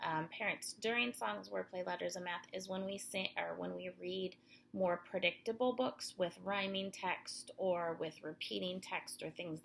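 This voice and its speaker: A woman in her thirties, a teacher speaking gently and encouragingly to young children and their parents from home, sometimes dropping to a soft near-whisper. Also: lowish voice, creaky, a little hiss or hum. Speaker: elementary school teacher. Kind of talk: addressing children and parents in a recorded class session.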